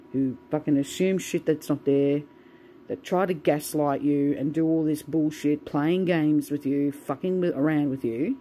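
A woman's voice: deep voice, mellow, a little hiss or hum, rough recording. A woman venting in a casual, swear-filled monologue to the camera. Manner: swears a lot, ranting. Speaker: vlogger.

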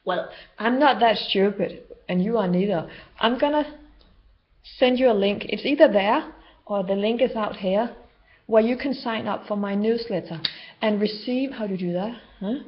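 A woman's voice: mid-range voice, moderate pace. A woman vlogger talking unscripted to camera about spiritual healing, rambling and loosely structured. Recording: dull lo-fi home video sound.

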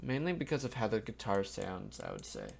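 Sleepy and yawning, this young man rambles through music commentary for a reaction video, often drifting into ums and restarts. He sits in a home room facing a webcam with faint music in the background. His lowish voice is gravelly with a breathy edge, brisk, and swings hugely in pitch.

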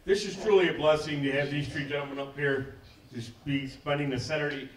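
A man's voice: fairly high pitch, fairly even intonation, fairly quick, a little hiss or hum. A man in the audience asking the panel a question, eager and rousing the crowd. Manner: enthusiastic, keeps asking "am I right". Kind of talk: casual Q&A from the audience. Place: event hall. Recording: echoey hall, distant mic.

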